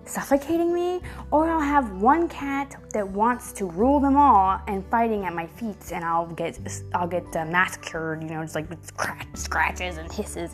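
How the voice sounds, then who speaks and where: A woman in her thirties telling a story to her viewers in a chatty, animated way, full of fillers and swearing. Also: medium pitch. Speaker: vlogger. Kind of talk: casual storytelling to camera.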